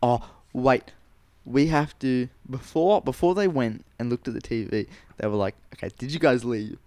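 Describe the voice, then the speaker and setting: A man's voice: mid-range voice, moderate pace, no room sound. Swearing Aussie man telling a story, dry sound. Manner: animated, swears a lot, acts out quotes. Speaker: podcast co-host. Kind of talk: casual storytelling chat.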